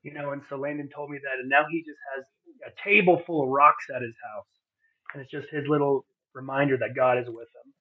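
A man's voice: medium pitch, steady tone, fairly quick. A man sharing an earnest, heartfelt personal testimony as a podcast guest. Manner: earnest, heartfelt, many fillers and restarts. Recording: phone-like narrow sound.

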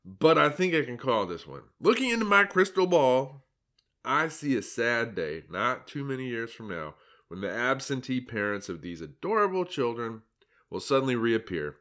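Sarcastic guy ranting solo, mocking tone, pitch jumps all over. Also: big pitch swings, moderate pace, fairly bright tone. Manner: sarcastic, mocking, laughs at his own jokes. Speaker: commentator reading his own article.

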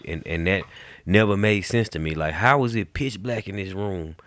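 A man co-hosting a podcast, chatting in a relaxed, casual way. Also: low-pitched, normal speed, dry recording. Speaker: podcast co-host. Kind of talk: casual chat.

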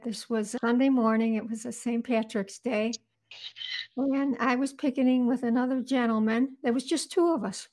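A woman with a noticeably high voice, a guest on an interview show. She tells her story earnestly and step by step, lingering on vivid details. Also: darkish tone. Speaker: guest author.

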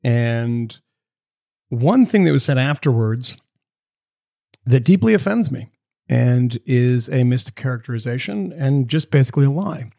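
Rambling and jokey, this podcast co-host chats casually from a home video setup, occasionally swearing and slipping into quick mock voices. He has an animated, creaky, warm mid-range voice, captured as clean studio sound with no echo.

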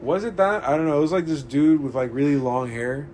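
A man's voice: a little high, a little fast, slight background noise. A man hosting a casual podcast chat from a shop, telling profane stories and putting on voices. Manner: profane, animated storyteller doing voices. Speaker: podcast host. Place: comic shop.

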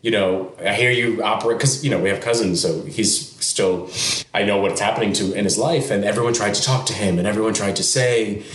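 A middle-aged man, a TV news anchor guesting on a podcast, telling personal stories candidly and acting out what his family said. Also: brisk. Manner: animated, acts out quoted family members with sudden high pitch jumps. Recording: roomy echo.

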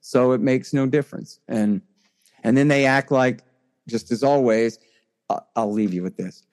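A man giving conversational political commentary as an interview guest, emphatic and restarting often, his pitch climbing sharply when he gets indignant. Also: moderate pace, a little mellow.

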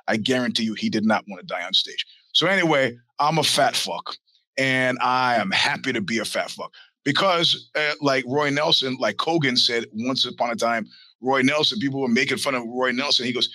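A man hosting his own show talks through a long, profane anecdote in a bright, cutting voice. The sound is close and dead dry, with no room around it. He keeps jumping into little impressions of the people in his stories. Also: mid-range voice, no echo, poor audio. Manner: profane storytelling with put-on quoted voices. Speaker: podcast host. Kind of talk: casual monologue.

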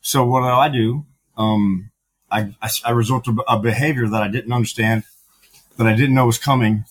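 A man's voice: medium pitch, steady tone, moderate pace, slightly rough, poor audio. A middle-aged man, a podcast guest, telling his story candidly, with frank, profane talk full of fillers and restarts.

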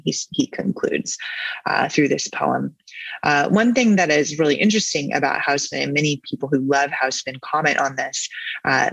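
A man's voice: medium pitch, gravelly, fairly bright tone, husky, no echo, rough recording. A man hosting a poetry podcast, explaining a poem in a thoughtful, musing way and then reading it aloud. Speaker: podcast host.

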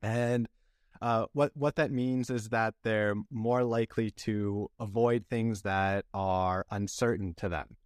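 A young man hosting a podcast, chatting in a relaxed way and asking his guest questions. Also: fairly low pitch, takes it slowly, clean tone, no room sound, clean studio sound. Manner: relaxed and conversational, asks questions. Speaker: podcast host. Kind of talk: casual podcast chat.

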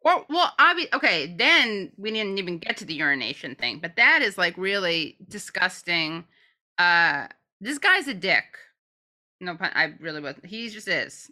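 A woman's voice: on the low side, very animated, normal speed, sharp tone. A woman co-hosting a casual commentary chat, blunt and profane, with a sarcastic edge. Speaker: co-host.

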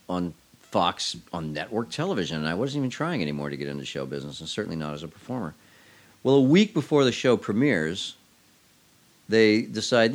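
A man telling a long story as an interview guest, casually and wryly, with frequent restarts. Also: fairly low pitch. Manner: rambling, restarts often, wry.

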